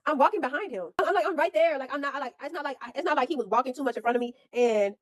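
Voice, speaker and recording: A young woman telling a story in a blunt, profane, animated way, in casual chat. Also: sits high, rapid-fire, dry recording. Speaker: storyteller host.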